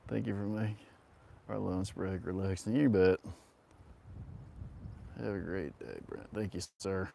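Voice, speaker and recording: A man's voice: on the low side, animated, takes it slowly, gravelly, pauses often, darkish tone. A middle-aged man hosting a casual livestream, telling a rambling story with frequent laughter and casual swearing. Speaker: livestream host.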